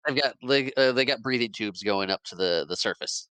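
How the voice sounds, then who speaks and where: A man with a fairly low voice that still sounds bright and punchy recaps a film for a podcast. He talks casually, stumbling and restarting phrases. The sound is close and dry, with no room echo. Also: brisk, clear, resonant tone. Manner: retells scenes at length with many restarts and little laughs. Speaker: podcast co-host. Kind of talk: casual movie recap chat.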